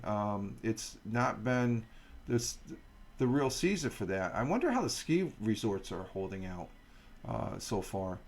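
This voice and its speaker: A gravelly, medium-pitched man hosts a casual morning livestream. He rambles as he reads the news aloud, adding asides and fillers.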